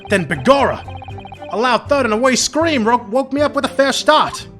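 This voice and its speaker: A man's voice: very high-pitched, expressive, moderate pace, a bit bright, voice pushed up. A man voicing a chatty middle-aged male witness in a clumsy put-on Irish brogue, telling his story in a folksy, rambling way. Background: background music.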